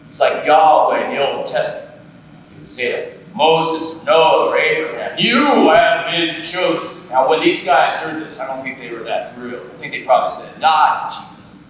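An actor performing a wry, conversational storytelling monologue live on a theatre stage. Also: male voice, a little high, a bit bright, slight background noise. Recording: live theatre, distant and echoey.

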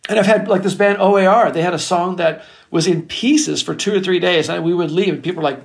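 A middle-aged record producer telling stories in an interview, animated and casual, swearing freely. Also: male voice, high voice, fast talker, few pauses. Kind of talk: storytelling interview chat.

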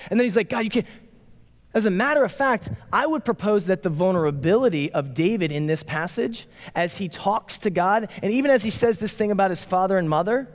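Pastor, forties, male, bright and high; chatty, animated sermon delivery in a church sanctuary. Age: 40s. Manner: animated, playful, acts out quotes. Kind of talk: casual conversational sermon. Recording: long reverb of a large hall.

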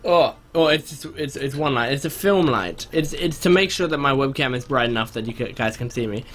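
A young man casually commentating on an online game from his small bedroom, rambling with sudden excited outbursts. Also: medium pitch, brisk. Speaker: gaming video host.

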